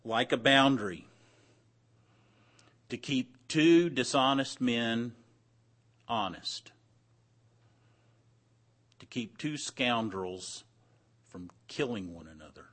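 A man's voice: medium pitch, takes it slowly, pauses often, fairly bright tone. A man leading an interactive Bible class, asking the group questions and repeating their answers, with some dry humor. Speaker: Bible study teacher.

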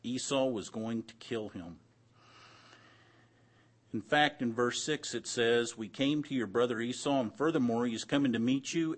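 A man's voice: medium pitch, moderate pace. A man leading an interactive Bible class, asking the group questions and repeating their answers, with some dry humor. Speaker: Bible study teacher.

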